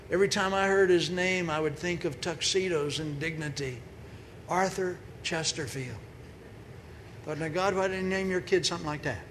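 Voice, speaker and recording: A woman giving a humorous sermon in a large hall, telling stories in a lively way and acting out the voices she quotes. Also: fairly low pitch. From grew up on a farm. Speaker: speaker, preacher. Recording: long hall reverb, faint noise.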